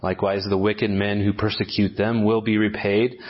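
Low-voiced man preaching, lo-fi audio. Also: flat delivery. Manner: measured expository preaching with frequent fillers and restarts. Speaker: pastor. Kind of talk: sermon.

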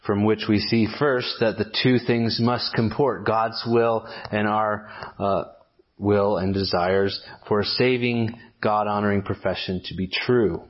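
A man preaching an expository sermon at a measured pace, often restarting with fillers as he explains a passage. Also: on the low side, steady tone, muffled recording. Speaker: pastor.

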